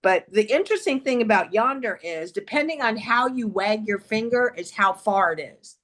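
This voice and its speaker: A woman's voice: medium pitch, expressive. Woman with a playful put-on Southern accent. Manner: playful, drawn-out delivery. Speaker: meeting grammarian. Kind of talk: presenting the word of the day.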